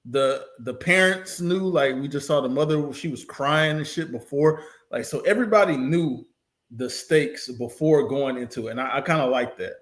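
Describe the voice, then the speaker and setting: A man's voice: medium pitch, normal speed, a bit bright. A man hosting a reaction video, talking bluntly and casually with plenty of profanity. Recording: roomy echo.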